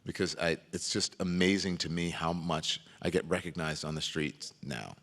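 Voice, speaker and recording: A man speaking as the guest journalist in a live stage conversation, an animated storyteller who gets loud and laughs as he tells it. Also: low voice, normal speed, big-room sound. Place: event stage before an audience.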